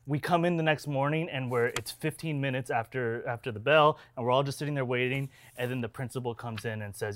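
A man in his thirties co-hosting a podcast, telling a long story in a rambling, animated way with many restarts. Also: mid-range voice, a little fast, hardly any pauses, dry recording. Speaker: podcast co-host. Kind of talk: casual storytelling chat.

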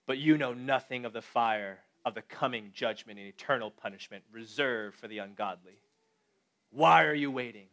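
A man putting on a deep, dramatic movie voice to play a defiant male martyr facing death. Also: moderate pace, a bit bright, lightly acted. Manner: grave, dramatic.

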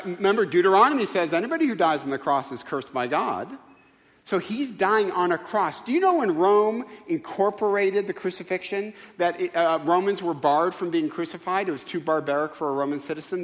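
A man's voice: a little high, in a large hall. A man preaching a sermon in a church, emphatic and full of rhetorical questions. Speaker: pastor. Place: church sanctuary.

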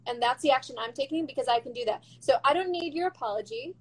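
A woman guest speaking frankly and emphatically in an interview, in quick bursts with some swearing. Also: sits high, fairly bright tone, slightly rough, rough recording. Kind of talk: candid interview talk.

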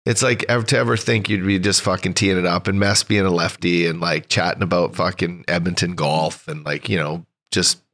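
Laid-back, low-voiced male co-host from Canada. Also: fairly even intonation, brisk, few pauses, fairly bright tone. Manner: laid-back, agreeable, swears casually. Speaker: podcast co-host. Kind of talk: casual chat.

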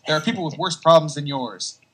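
Stern male doctor, forceful and lecturing, as a podcaster plays him. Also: on the high side, brisk, husky, voice pushed up, poor audio.

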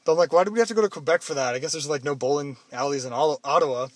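Lively young Canadian man telling stories. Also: on the high side, rapid-fire. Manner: animated, acts out quotes in loud put-on voices. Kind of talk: casual storytelling chat.

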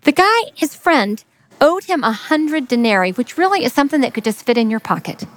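A woman retelling a parable in a sermon, expressive and sometimes dropping to a whisper for emphasis. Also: high voice, a little fast. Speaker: speaker giving a devotional message. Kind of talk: sermon storytelling.

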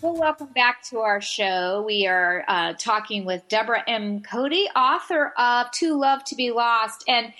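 A woman's voice: a little high, expressive, unhurried, hardly any pauses, pushed and bright, soft background music. Chatty woman radio talk host. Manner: chatty, with many fillers and restarts. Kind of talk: casual radio interview.

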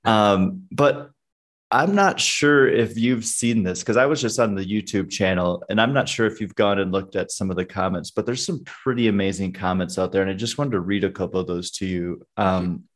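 A man's voice: deep voice, moderate pace. A man hosting a music podcast, talking in a chatty, rambling way with frequent restarts. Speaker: podcast host. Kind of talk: casual interview chat.

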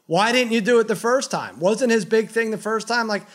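Animated, higher-voiced ranting male host. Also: moderate pace. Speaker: sports talk show host. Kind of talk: casual sports talk banter.

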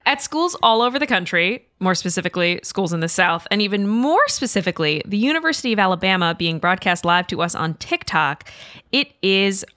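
A woman's voice: fairly low pitch, big pitch swings, brisk, hardly any pauses, bright, forceful tone, no echo, clean studio sound. A woman co-hosting a podcast in casual chat, laughing often and talking playfully. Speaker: podcast co-host.

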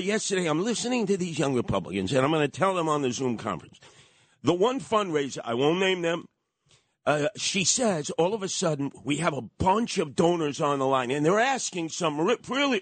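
An older man telling gossipy stories on talk radio, acting out the people he quotes with loud, high exclamations. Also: breathy edge, no echo.

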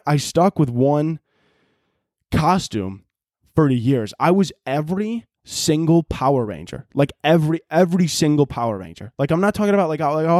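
A man's voice: fairly high pitch, darkish tone, no echo, studio quality. A young man hosting a solo podcast, telling rambling, profane stories with frequent laughter and sometimes out of breath. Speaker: podcast host.

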